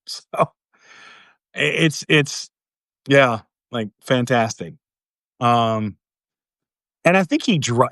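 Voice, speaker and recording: A man's voice: mid-range voice, a bit bright, dry recording. Sarcastic rambling man, dry close mic. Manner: rambling, sarcastic, with filler words and restarts. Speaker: political commentary host. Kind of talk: casual political commentary.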